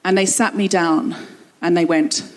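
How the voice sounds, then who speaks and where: A woman's voice: fairly low pitch, a little slow. A woman hosting a comedy show, telling a personal story on stage and acting out the dialogue. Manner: lively, quoting dialogue with her own voice. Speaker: comedy podcast host.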